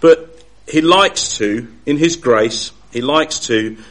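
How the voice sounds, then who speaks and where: A man giving a Bible study talk, earnest and halting, often restarting his sentences. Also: mid-range voice. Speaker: Bible teacher.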